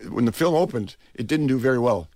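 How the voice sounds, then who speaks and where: An older man, a film director, is a radio guest telling rambling, animated stories full of restarts, into a close studio mic. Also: medium pitch, fairly quick, no room sound. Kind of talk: anecdotal storytelling interview.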